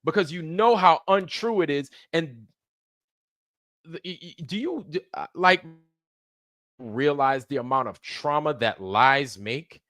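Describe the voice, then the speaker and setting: A man's voice: on the high side, a little slow, a bit bright, no room sound, studio quality. Fired-up, profane man ranting on stream. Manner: profane, fired-up, emphatic, repeats himself. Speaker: livestream host. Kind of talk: heated ranting commentary.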